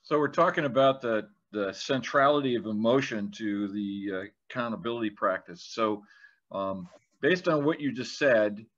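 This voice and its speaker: A man's voice: mid-range voice, normal speed. A man co-hosting a talk show, thoughtfully explaining ideas in a conversational way. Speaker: podcast co-host. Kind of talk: conversational discussion. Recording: dull lo-fi sound.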